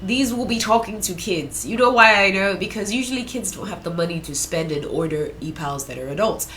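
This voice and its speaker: A woman in casual commentary, reading chat screenshots aloud with animated, slangy asides and laughs. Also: medium pitch, brisk, slight background noise. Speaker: commentary vlogger.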